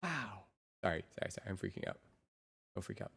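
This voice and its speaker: A woman's voice: extremely low pitch, very animated, fast, vocal fry, a bit bright, husky. A woman streamer chatting casually with her viewers through a real-time AI voice changer, muttering to herself while she sets up her screens. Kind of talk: casual live-stream chat.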